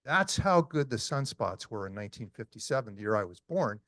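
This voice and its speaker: A man's voice: fairly low pitch, big pitch swings, a little fast, fairly bright tone, dry recording, studio quality. A man in his sixties giving a casual, story-driven presentation to an audience, with frequent ums and uhs. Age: 60s. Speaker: conference speaker. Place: meeting hall talk.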